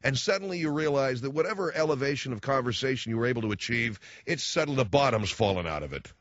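A talk radio host with a mid-range voice speaks fast, blunt and sarcastic, animatedly acting out other people's voices as he goes. The dry recording has a dull studio sound.

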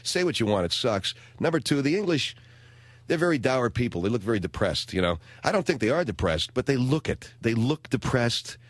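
A middle-aged American man hosting a talk radio show, telling stories in a wry, animated way. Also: medium pitch, a little fast, no echo. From United States.

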